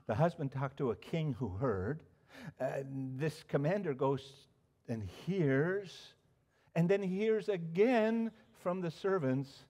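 A male pastor preaching a sermon, telling a story with animated emphasis and frequent restarts. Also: mid-range voice.

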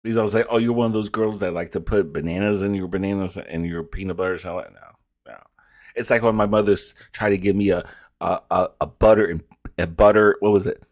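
A man hosting a reaction video, telling stories in an animated, profane, campy way. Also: deep voice, quick pace, no room sound, clean studio sound. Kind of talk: casual reaction chat.

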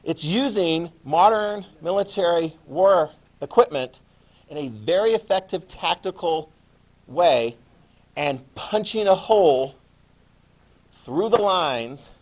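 A male history teacher lecturing a classroom in a playful, animated way, adding sound effects. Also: fairly high pitch, slow pace.

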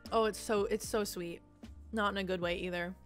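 A woman's voice: medium pitch, fairly even intonation, moderate pace, faint music behind. A young woman streamer chatting casually and joking as she taste-tests snacks, often giggling. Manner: bubbly, jokey, giggly. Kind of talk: casual taste-test chat.

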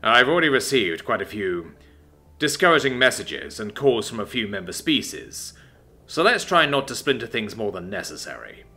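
A man's voice: fairly low pitch, sing-song, moderate pace, pushed and bright, exaggerated voice. A man voicing a tall, weary male ambassador who speaks respectfully and diplomatically. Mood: diplomatic.

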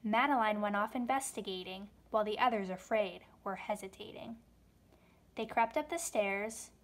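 A woman reading a rhyming children's book aloud, with expressive storytelling delivery. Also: medium pitch, moderate pace.

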